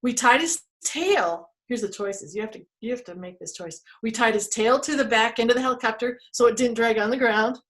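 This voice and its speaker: A woman storyteller reading an interactive story to children, playful and expressive, asking her listeners questions. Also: a little high, fairly quick, few pauses.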